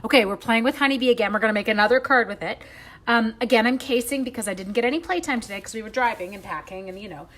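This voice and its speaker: A woman's voice: a little high, fast, fairly bright tone. Chatty woman demoing stamps live. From Canada. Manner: chatty, greets viewers by name, playful. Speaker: stamping demonstrator. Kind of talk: live-stream crafting demo.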